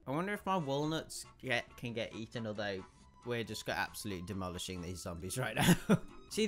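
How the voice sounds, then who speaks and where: Gamer guy, croaky and bunged up, bright and animated, rambling commentary over faint game music. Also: medium pitch. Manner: rambling, thinking aloud with frequent restarts. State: congested and croaky. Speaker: gaming YouTuber. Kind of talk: gameplay commentary.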